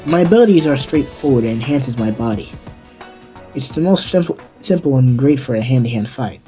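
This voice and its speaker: A man reading out a homemade fan story, rambling and restarting his sentences as he goes. His voice sits at a middle pitch, and faint music plays behind him. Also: animated, a little fast, dark tone. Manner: rambling, with restarts and self-corrections. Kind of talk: casual fan-fiction narration.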